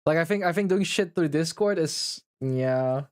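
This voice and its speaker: Male streamer with a raised pitch, swearing through an exasperated rant, dry close sound. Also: moderate pace, dry recording. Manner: profane, ranting, exasperated complaining; laughs often at his own rant. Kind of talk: casual livestream chat.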